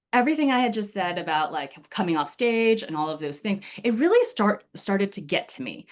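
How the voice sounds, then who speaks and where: A woman giving a personal storytelling speech to her speaking club over a video call, chatty and full of fillers, often laughing. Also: medium pitch.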